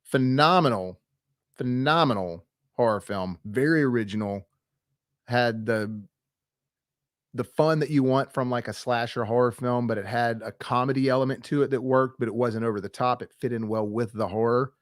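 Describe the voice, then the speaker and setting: A man's voice: mid-range voice, steady tone, normal speed, no room sound, studio quality. A young man hosting a movie news show, chatting casually and enthusiastically with fillers and asides to viewers.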